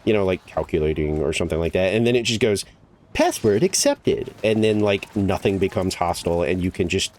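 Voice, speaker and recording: A man's voice: deep voice, fairly even intonation, fast talker, hardly any pauses, a little mellow. A man streaming a game, chatting casually and rambling with lots of "like" and casual swearing. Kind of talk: casual chat while gaming.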